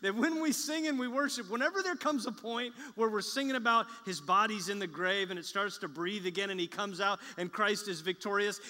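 A pastor with a high, bright voice preaches his sermon in a loose, joking, conversational way that swells into excited bursts. His voice rings out with long reverb through a large sanctuary that has a balcony. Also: brisk, hardly any pauses. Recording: echoey large church hall.

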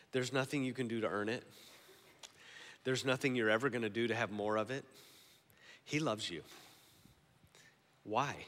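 A man preaching a sermon in a church, moving between quiet, slow passages and loud, emphatic declarations. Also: fairly low pitch. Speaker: pastor. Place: church sanctuary. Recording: long hall reverb.

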